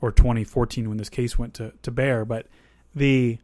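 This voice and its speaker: A man hosts a podcast in an easygoing, conversational way, drifting into asides and restarting his thoughts. His voice sits at a middle pitch. The recording is dry and close. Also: flat delivery, normal speed, dark tone, no room sound. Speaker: podcast host. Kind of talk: casual podcast discussion.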